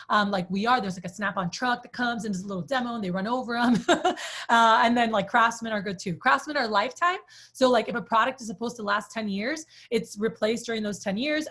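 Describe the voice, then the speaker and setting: A woman's voice: a little high, a bit bright. Woman sales trainer, chatty storyteller, casual group talk. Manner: chatty storyteller, many "like" fillers; asks the group questions.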